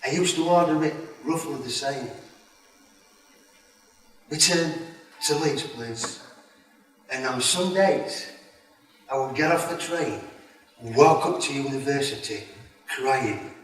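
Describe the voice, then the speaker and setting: A man's voice: medium pitch, slow, pauses often, a bit bright. A young man with a Yorkshire accent giving a motivational keynote speech, stammering and repeating words as he speaks. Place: large hall. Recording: echoey hall, from far off.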